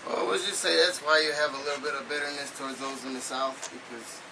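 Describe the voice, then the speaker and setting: A man's voice: medium pitch, steady tone, fast talker. A man interviewing a wrestler, asking questions with a joking, needling edge. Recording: distant mic with clear background noise.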